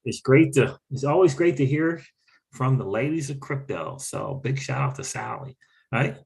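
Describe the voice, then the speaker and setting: A man hosting a casual livestream, animated and exclaiming, repeating phrases for emphasis and greeting viewers from the chat. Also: mid-range voice, normal speed. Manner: reads out and thanks chat viewers. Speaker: crypto livestream host.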